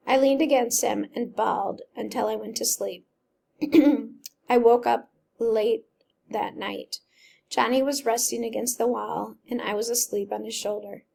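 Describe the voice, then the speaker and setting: A woman teacher reads a novel aloud, stopping to break words apart patiently, one step at a time. Her voice sits a bit high, with a gravelly fry running through it. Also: fairly even intonation, unhurried, darkish tone.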